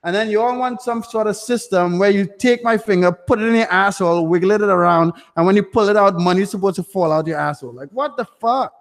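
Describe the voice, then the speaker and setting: A young man hosts a live Q&A and rants at his viewers, swearing freely and talking bluntly. His voice sits high for a man. The sound carries a long hall-like reverb. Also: a little fast, hardly any pauses. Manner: profane, ranting, blunt. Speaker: livestream host answering chat questions. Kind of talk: live Q&A stream.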